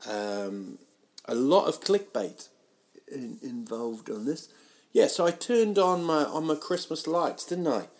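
A man hosting a solo podcast, rambling through silly tangents in a self-mocking way with sudden loud outbursts. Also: on the high side, animated, slow. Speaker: podcast host. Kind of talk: rambling solo comedy chat. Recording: home podcast mic, uneven sound.

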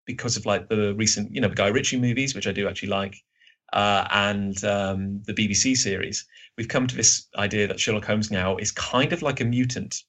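A man in his thirties, a podcast guest, chatting in a rambling, self-deprecating way with lots of fillers and a slightly husky voice. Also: on the low side, fairly quick, fairly bright tone. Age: 30s. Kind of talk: casual podcast chat.

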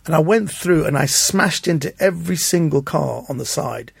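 A man guest telling animated anecdotes in an interview, acting out the voices of people in his stories. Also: fairly high pitch, brisk, vocal fry, breathy edge, no room sound. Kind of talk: anecdotal storytelling.

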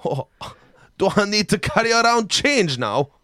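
High-voiced, playful male podcast host. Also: very animated, pushed and bright, dry recording, studio quality. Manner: playful, quick to laugh. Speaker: podcast host running an improv game. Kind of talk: improv comedy game.

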